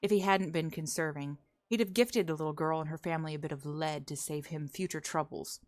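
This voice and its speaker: Low-voiced woman, relaxed streamer. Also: a little fast. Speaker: roleplay streamer. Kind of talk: casual streaming chat and story reading.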